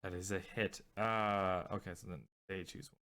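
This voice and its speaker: A man with a fairly low voice runs a tabletop game as game master. He narrates in a halting way, stopping and restarting often with fillers. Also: fairly even intonation, bright, forceful tone. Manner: hesitant, many fillers and restarts.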